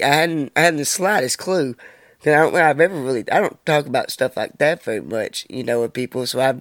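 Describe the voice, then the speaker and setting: In this studio-quality clip with no room sound, a man in his twenties delivers a casual monologue on his podcast. His fairly high voice carries a blunt, profanity-heavy rant about his own life.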